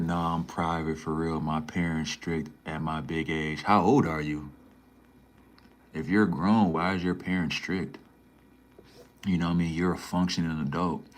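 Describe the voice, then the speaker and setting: Brief: young male streamer from Minnesota, very low voice, loose slangy chat with viewers. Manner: laid-back slangy banter, says "man" and "bro" a lot. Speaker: livestreamer. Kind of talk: casual livestream chat reading viewer comments.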